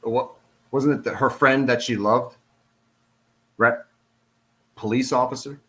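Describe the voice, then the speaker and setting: A man's voice: medium pitch, fairly even intonation, measured pace, a bit bright, a little hiss or hum. A middle-aged man, a retired police officer, gives casual commentary on a released document. He talks in an exasperated, sarcastic, rambling way.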